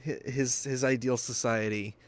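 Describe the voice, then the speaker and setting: A man's voice: medium pitch, fairly even intonation, moderate pace. A man hosting a podcast, ranting in a loose, sarcastic way with a lot of swearing and filler words. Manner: sarcastic, rambling, swears often. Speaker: podcast host. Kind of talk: casual political rant. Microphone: webcam and desk mic.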